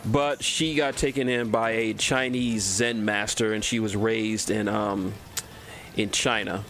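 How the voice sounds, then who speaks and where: A man's voice: on the low side, steady tone, unhurried, fairly bright tone, faint music behind. A man from Texas streaming a game, rambling through cartoon trivia, often stumbling and repeating words and swearing casually. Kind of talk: casual gameplay commentary.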